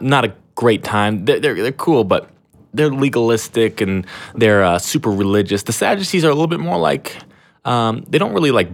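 A young man with a notably low voice chats casually as a podcast host. He rambles in a slangy, laid-back way, full of fillers and restarts. He keeps an irreverent, self-deprecating tone. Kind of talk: casual chat.

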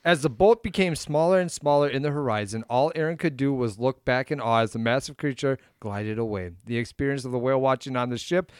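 A Midwestern man co-hosting a laid-back podcast at a mid pitch, muttering and cursing under his breath at his laptop, then stumbling a little as he reads a story aloud. Close, dry sound with no room echo. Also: darkish tone, clean tone. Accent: Upper Midwest American. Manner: mutters and swears at equipment, reads aloud haltingly. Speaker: podcast co-host. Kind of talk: casual chat.

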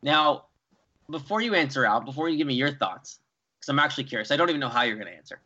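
A young man, co-hosting a casual sports chat, animated and rambling. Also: medium pitch, fast talker. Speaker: co-host. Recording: dull lo-fi sound.

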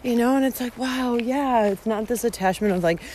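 A woman's voice: a little high, fairly quick, a little mellow, a little hiss or hum. A woman vlogger telling a personal story in a candid, emotional way, swearing freely and using lots of fillers as she walks outdoors. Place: outdoors, walking along a route.

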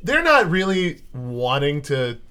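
A young man, the game master of a tabletop game, talking in a loose, excitable way and swearing freely. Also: fairly high pitch, slow pace, clean tone.

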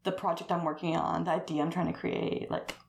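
A woman's voice: fairly low pitch, flat delivery, brisk, vocal fry, slight background noise. A woman chatting casually as a guest, rambling and saying "like" constantly, laughing often. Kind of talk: casual conversation. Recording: roomy echo.

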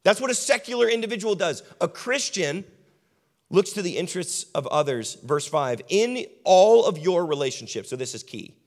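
A man preaching a sermon as pastor, building repeated lists and dropping his voice low and quiet for emphasis. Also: expressive, moderate pace, in a large hall.

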